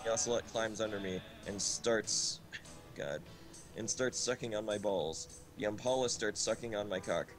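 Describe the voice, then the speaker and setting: Low-voiced man doing a deadpan reading. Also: moderate pace. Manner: deadpan, stumbles on words. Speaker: streamer reading a story aloud. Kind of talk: comic dramatic reading. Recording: loud game music behind. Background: game music.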